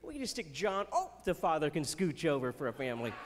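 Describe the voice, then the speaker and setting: A man's voice: fairly high pitch, very animated, fast talker, slight background noise. Playful man doing stand-up in a hall. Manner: chatty, jokey, playful asides. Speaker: stand-up comedian. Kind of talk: Christian stand-up comedy. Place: festival stage before a live audience.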